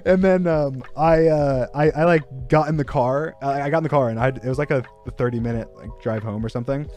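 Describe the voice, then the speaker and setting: A young man recounting a story off the cuff, voice sitting at an ordinary middle pitch. He rambles and leans on fillers, poking fun at himself as he goes. Faint music plays underneath. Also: a little fast, a little mellow. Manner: rambling, filler-heavy, self-mocking, breaks into laughter. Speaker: streamer. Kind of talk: casual storytelling on a livestream.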